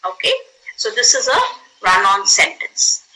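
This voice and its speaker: A woman's voice: mid-range voice, animated, a little slow, sharp tone, low-quality recording. A woman teaching an English grammar lesson in a classroom, explaining patiently, acting out example exclamations and checking in with "okay?".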